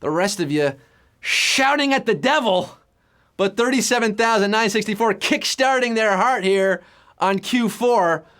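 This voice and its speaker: A man hosting a live trivia game show, full of quick puns and jokes. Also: high voice, lively intonation, a bit bright. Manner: jokey, punny, quick patter.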